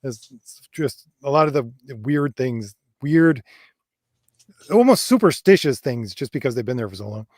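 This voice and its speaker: A man co-hosting a casual livestream chat, speaking earnestly and filling pauses with hesitations. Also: mid-range voice, lively intonation, darkish tone, no room sound, studio quality. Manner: earnest, fills pauses with um and quite honestly. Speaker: co-host and author.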